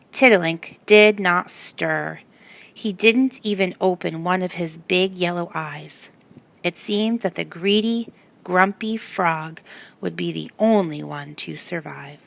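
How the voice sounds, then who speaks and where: A woman reads a picture book aloud to children, pausing to ask them questions. She reads slowly, in a bright voice with a gravelly edge, recorded close and dry. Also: on the low side, no room sound. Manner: asks the listeners questions. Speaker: storyteller.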